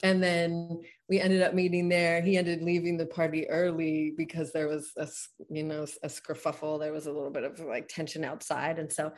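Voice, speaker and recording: Low-voiced woman telling her story. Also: level tone, moderate pace, few pauses, a little mellow. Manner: earnest, reflective, laughs often, says "like" a lot. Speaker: guest. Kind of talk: personal storytelling in a conversation.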